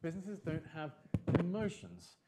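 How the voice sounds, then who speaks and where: A man giving a conference talk, animated and emphatic, repeating his key phrases for effect. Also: on the high side, normal speed, noisy background. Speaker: conference speaker.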